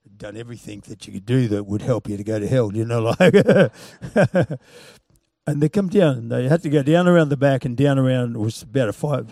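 A man preaching a sermon, moving from loud, punchy calls to quiet, chuckling storytelling. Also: medium pitch, no echo, studio quality.

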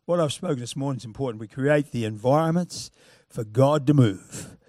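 A man preaching a sermon, moving from loud, punchy calls to quiet, chuckling storytelling. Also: medium pitch, normal speed, dry recording, studio quality.

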